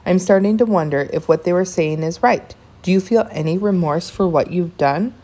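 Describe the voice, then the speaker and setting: A woman's voice: on the low side, normal speed, warm tone, lightly acted. Woman playing a stern, scolding father. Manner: firm, scolding. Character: stern, firm father, middle-aged.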